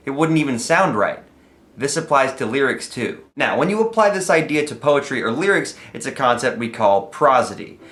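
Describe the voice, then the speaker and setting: A man's voice: medium pitch, fairly bright tone. A man teaching how to write comedy lyrics in a friendly, explanatory video lesson, with the odd "uh" and "um". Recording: echoey room, faint music.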